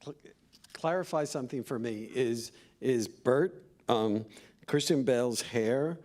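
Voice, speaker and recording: Male moderator, average pitch, halting and hesitant as he asks his questions. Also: darkish tone. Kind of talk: interview questions.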